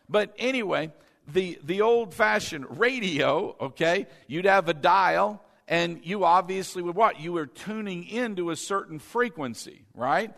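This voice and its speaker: A man's voice: high-pitched, a little slow, vocal fry, a bit bright. A male pastor preaching a sermon, telling stories and calling on the congregation to answer him. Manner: call-and-response with congregation, conversational storytelling. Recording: long reverb of a church hall.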